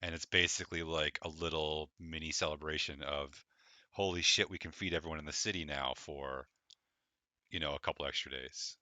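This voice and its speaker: Male game master, low and punchy, rambling friendly narration. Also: fairly even intonation, moderate pace, bright, forceful tone, no room sound. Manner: loose, filler-heavy narration with laughs.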